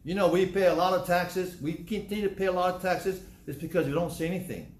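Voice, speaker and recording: A male pastor delivering a sermon, conversational but breaking into loud emphatic bursts. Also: sits high, quick pace. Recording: echoey room.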